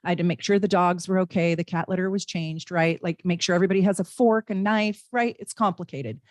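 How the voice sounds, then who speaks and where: A woman's voice: fairly low pitch, fairly even intonation, a little fast, dry recording. A middle-aged woman giving a live tarot reading in a chatty, emphatic way, blunt and sometimes swearing. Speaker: astrologer and tarot reader.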